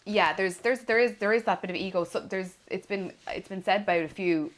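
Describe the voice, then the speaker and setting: An Irish woman in her thirties, a former police officer, telling stories in a relaxed chat and acting out the voices of people she quotes. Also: mid-range voice, fairly quick. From Ireland. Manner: animated storyteller, acts out quoted voices. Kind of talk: casual conversation.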